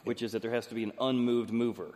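Male interviewer, steady explainer, mid pitch, reverberant space. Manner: measured, explains arguments in detail. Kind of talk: interview questions and summaries. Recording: long hall reverb.

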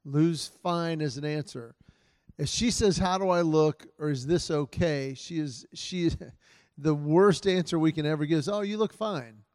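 Earnest man telling marriage stories to husbands, slightly higher voice, close dry sound with a long hall tail. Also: measured pace, darkish tone, clean tone. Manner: earnest, storytelling, quotes his wife in his own voice. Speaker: speaker giving marriage advice to husbands. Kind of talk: casual talk to an audience.

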